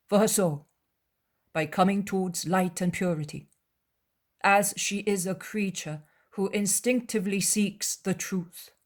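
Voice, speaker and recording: A calm, wise male teacher, voiced by a woman reading a dramatized audiobook. He speaks in a measured, earnest and gentle way. The voice stays low and unhurried.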